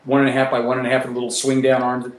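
A man telling a profane, animated story as a guest, a former Marine pilot. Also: medium pitch, rapid-fire, a little hiss or hum. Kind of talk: casual storytelling. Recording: roomy echo.

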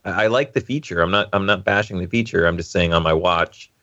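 A man's voice: low-pitched, brisk, fairly bright tone, no echo, lo-fi sound. A man co-hosting a casual tech chat, talking with wry, sarcastic asides.

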